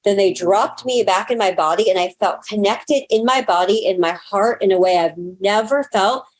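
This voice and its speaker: A woman's voice: mid-range voice, normal speed. A woman guest in an interview, telling a personal story in an earnest, talkative way. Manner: earnest, talkative, acts out past moments in quotes.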